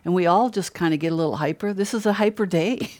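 A woman's voice: on the low side, quick pace, a little mellow. An older woman preaching a conversational sermon, chatty, asking rhetorical questions and laughing often.

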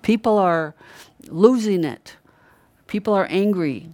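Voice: mid-range voice, lively intonation, slow pace, a little mellow, no room sound. Earnest conversational preacher, dry close sound. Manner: earnest, emphatic repetition of key words. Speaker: Christian preacher. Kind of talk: conversational sermon.

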